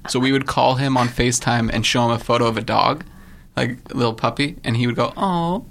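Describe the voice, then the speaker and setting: A man's voice: mid-range voice, little pitch movement, fast talker, vocal fry, a bit bright. A young man, a podcast guest, telling stories in a laid-back way with lots of fillers. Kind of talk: casual chat.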